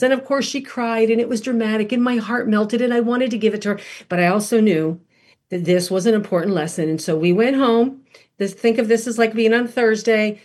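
Middle-aged woman, breathy voice, animated storyteller giving parenting advice, slips into her kids' voices. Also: on the high side, fairly quick. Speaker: parenting panel speaker.

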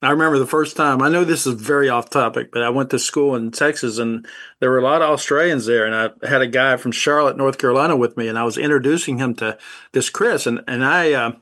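A man's voice: mid-range voice, quick pace, a bit bright. A man co-hosting a Christian podcast, telling rambling stories with frequent chuckles. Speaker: podcast co-host. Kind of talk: casual Christian podcast chat.

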